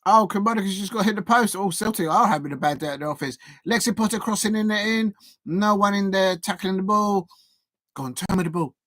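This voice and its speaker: Excitable man calling a match. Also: high-pitched, fairly quick, dry recording, clean studio sound. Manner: excitable, cheers and pleads at the action, chatty asides. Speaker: football fan channel host. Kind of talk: live fan watch-along commentary.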